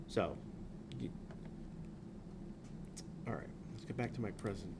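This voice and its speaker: A man's voice: fairly low pitch, expressive, a little slow, gravelly, very noisy. Guy from southern new england giving a class lecture, rambly, wanders off topic a lot. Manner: rambling, prone to tangents. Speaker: instructor.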